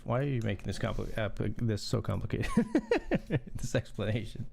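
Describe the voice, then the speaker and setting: A man with a low, gravelly voice muses over his poker hands on a live stream. He talks things through analytically, questioning his own decisions in a relaxed, conversational way. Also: moderate pace, hardly any pauses, slight background noise. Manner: analytical, second-guessing his own plays. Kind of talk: casual live-stream chat about poker.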